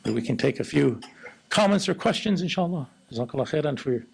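A man giving an Islamic lecture in a low monotone, then taking audience questions. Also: fast talker, vocal fry, husky, poor audio. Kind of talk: religious lecture with Q&A.

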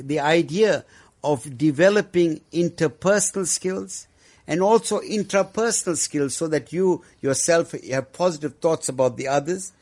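A man speaking as a guest about education, earnest and measured, with frequent pauses. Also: on the high side, a little mellow. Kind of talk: discussion on education.

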